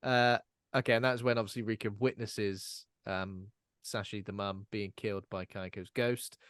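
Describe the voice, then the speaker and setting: A man's voice: fairly low pitch, fairly even intonation, moderate pace, no room sound. Man hosting a dry-sounding film chat. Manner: recaps the plot in order, joking and laughing. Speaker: podcast host. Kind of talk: casual film discussion.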